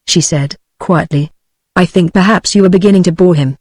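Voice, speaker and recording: A woman's synthetic voice with a British English accent, reading a novel aloud as an audiobook narrator at an even, unhurried pace. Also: on the low side, husky, no room sound. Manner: even, unhurried text-to-speech delivery.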